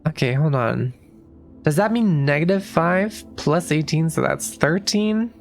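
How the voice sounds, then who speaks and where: A woman's voice: deep voice, lively intonation, a little slow, vocal fry, faint music behind. A woman streaming a puzzle game, talking through her moves in loose, casual commentary and restarting her sentences often. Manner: thinks aloud, restarts sentences, swears casually.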